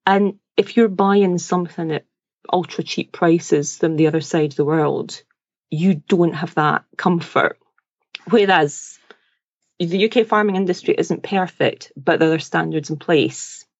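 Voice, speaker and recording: A woman's voice: fairly low pitch, measured pace, no echo, highs cut off. A woman guesting on a podcast, speaking earnestly and forthrightly. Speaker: podcast guest, wool dyer. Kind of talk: interview.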